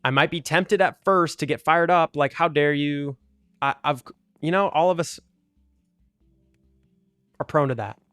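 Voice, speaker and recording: A man's voice: a little high, unhurried, pauses often, fairly bright tone, dry recording, studio quality, soft background music. A man talking earnestly and argumentatively in casual commentary over gameplay, with lots of "like" fillers. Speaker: gaming video creator.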